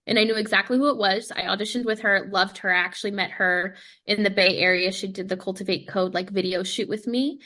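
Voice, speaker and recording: A young woman, a professional dancer, telling her story in a casual podcast interview, animated and full of "like," acting out the voices of the people she quotes. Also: mid-range voice, a little fast, few pauses. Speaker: podcast guest, pro dancer.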